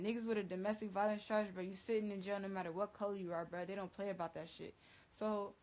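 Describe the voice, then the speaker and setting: A woman's voice: medium pitch, little pitch movement, fast, a little mellow, low-quality recording. A woman DJ telling a story in casual, profane slang on a phone livestream, rambling with lots of fillers.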